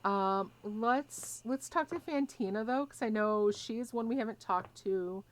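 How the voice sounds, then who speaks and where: A woman's voice: a little high, a little slow. Joking woman streamer. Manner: joking, reads dialogue choices aloud with sarcastic asides. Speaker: gaming streamer. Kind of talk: let's play commentary.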